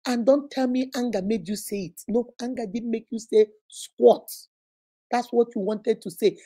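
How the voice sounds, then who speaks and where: Nigerian woman, advice host, mellow higher voice, preachy, speaks straight to viewers. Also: moderate pace. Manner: emphatic, preachy, addresses viewers directly. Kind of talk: livestream advice talk.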